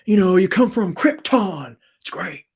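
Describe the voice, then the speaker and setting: A man doing a halting, stammering impression of a famous movie actor playing a hero. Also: high-pitched, lively intonation, vocal fry, a little mellow, slightly rough, voice pushed up, full character voice. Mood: goofy.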